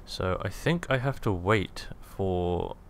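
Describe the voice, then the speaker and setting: A man's voice: sits low, lively intonation, slow, gravelly, a little hiss or hum. A young man giving casual, jokey, rambling commentary while playing a video game. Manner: jokey, rambling, self-amused. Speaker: gaming video host.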